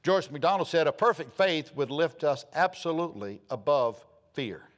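A man's voice: on the high side, normal speed. Folksy preacher man, big swings. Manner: folksy, animated storytelling with sudden loud and soft swings. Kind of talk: sermon with storytelling.

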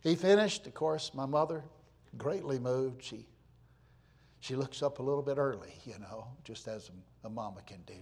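A man, preaching in a folksy storytelling way, repeating words for weight and swinging from loud to hushed. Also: medium pitch, normal speed, breathy edge. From Florida, USA. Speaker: pastor. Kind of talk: storytelling sermon.

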